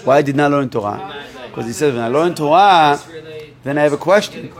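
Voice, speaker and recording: Animated man telling a sermon story. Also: fairly quick. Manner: animated retelling, acting out dialogue with big pitch swings. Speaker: rabbi.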